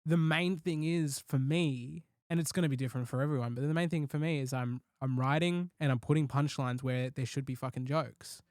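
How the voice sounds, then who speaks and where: A man's voice: medium pitch, fairly even intonation, a little fast, hardly any pauses, a little mellow, dry recording. A man in casual podcast chat, rambling and swearing lightly as he works through ideas. His voice sits mid-range, recorded close and dry, with no room sound around it. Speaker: podcast host and comedian.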